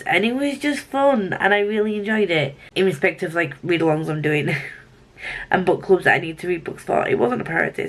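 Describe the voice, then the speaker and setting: Lowish-voiced woman vlogging about books, rambly and chatty. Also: a bit bright. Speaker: book vlogger. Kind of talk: casual vlog chat.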